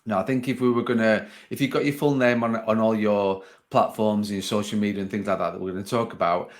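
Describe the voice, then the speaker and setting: A man with a Sheffield accent hosts a relaxed podcast. His voice sits fairly low, and he rambles, restarting sentences as he chats along. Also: fast talker. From Sheffield, England. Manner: rambling, self-interrupting, chatty. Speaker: podcast host.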